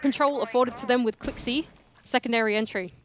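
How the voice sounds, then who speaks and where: A woman's voice: a little high, fairly quick, fairly bright tone, slight background noise. A woman giving chatty, teasing colour commentary on an esports match. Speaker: colour caster.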